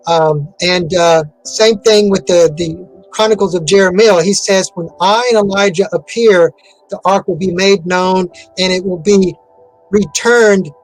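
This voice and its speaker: A man's voice: sits high, steady tone, measured pace, soft background music, rough recording. A man giving an interview in a casual, rambling way, with many fillers and restarts. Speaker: interview guest.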